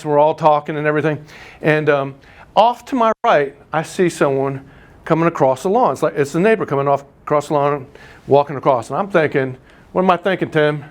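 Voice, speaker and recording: A man teaching a live real estate class, telling stories and teasing the room. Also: fairly high pitch. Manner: animated storyteller, teasing, quick asides. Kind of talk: live class lecture with anecdotes.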